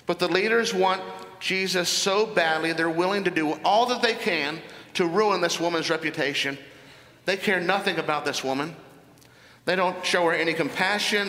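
A pastor delivers a sermon in a church, working through a Bible passage and slowing to press on key words. His high, bright voice carries through a large hall with a long, echoing reverb, and his exposition is deliberate and emphatic.

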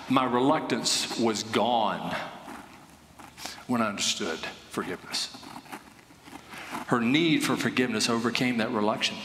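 A man's voice: medium pitch, a bit bright. A male pastor preaching in a big echoing church hall, his voice ringing with long reverb. He tells stories earnestly and builds to emphatic points, with a faint room hum behind him. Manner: earnest storytelling, rising to emphatic. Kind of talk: sermon. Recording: echoey hall with faint ambience.

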